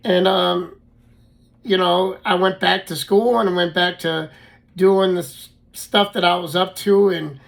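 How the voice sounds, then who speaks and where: A man casually telling his own life story, halting often with fillers and restarts. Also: sits high, gravelly.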